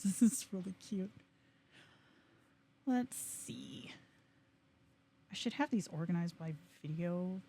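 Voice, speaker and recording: A young adult woman hosting a casual livestream, chatting excitedly and reacting to viewers with quick asides. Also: fairly low pitch, vocal fry, a little hiss or hum. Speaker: livestream host.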